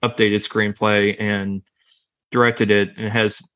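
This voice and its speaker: A man's voice: lowish voice, flat delivery, unhurried, fairly bright tone, clear, resonant tone. A man co-hosting a casual movie podcast, rambling and restarting his sentences, laughing often. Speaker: podcast co-host. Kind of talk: casual chat about movies.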